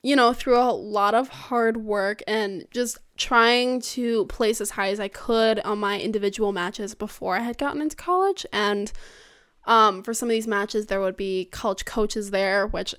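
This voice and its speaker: A young woman, a college athlete, chatting as a podcast guest, telling animated stories with quoted voices and frequent laughter. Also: mid-range voice, measured pace, smooth. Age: young adult. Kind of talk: casual podcast chat.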